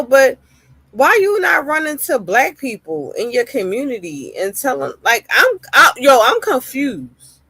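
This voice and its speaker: A woman's voice: sits high, sing-song, unhurried, fairly bright tone, slightly rough, no echo. A woman streamer ranting heatedly in live-stream reaction commentary, swearing often and repeating phrases for emphasis.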